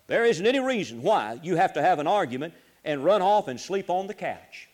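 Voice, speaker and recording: Folksy high-voiced preacher man. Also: big pitch swings, a little fast. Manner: folksy, repeats words, swings from loud exhortation to low asides. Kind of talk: sermon on marriage.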